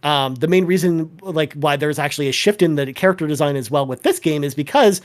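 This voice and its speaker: Brief: young male podcast guest, raised pitch, loose and rambling, quick laughs. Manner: rambling, self-correcting, laughs often. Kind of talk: casual podcast chat.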